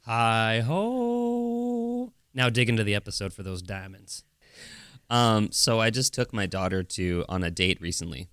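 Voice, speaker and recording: Young guy, low voice, dry close sound, casual podcast chat, acts out the quotes. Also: normal speed, sharp tone, smooth, no echo. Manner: storytelling with laughs and acted-out quotes. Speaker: podcast co-host.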